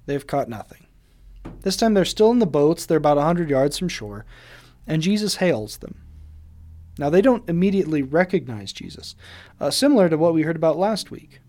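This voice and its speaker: Man preaching a relaxed, chatty sermon. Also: a little high. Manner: conversational, uses asides like "right?" and quoted voices. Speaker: pastor.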